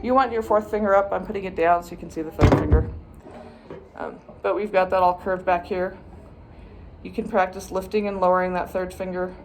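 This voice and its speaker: A woman's voice: on the low side, fairly even intonation, fairly quick, noisy background. Patient woman teaching viola practice. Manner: patient, step-by-step, chanting rhythm words. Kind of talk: instructional practice walkthrough.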